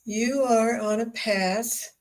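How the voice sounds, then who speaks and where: Gentle spirit guides address the living in unhurried, measured phrases, voiced by a woman in her own register. The delivery is calm and reassuring, with long pauses between words. It sounds like a spiritual channelling session. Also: a little high, poor audio. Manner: slow, measured, reassuring pronouncements. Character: calm group of spirit guides speaking as one.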